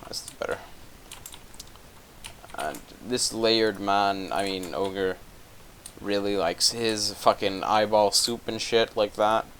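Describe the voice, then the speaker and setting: A young man with a lowish voice rambles through a comedic plot recap, cursing freely and doubling back to fix his own mistakes. Faint keyboard clicks and typing tick along behind him. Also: takes it slowly, long pauses, fairly bright tone, a little hiss or hum. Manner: profane, rambling, self-correcting. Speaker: gaming commentator. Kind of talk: rambling comedic plot retelling while gaming.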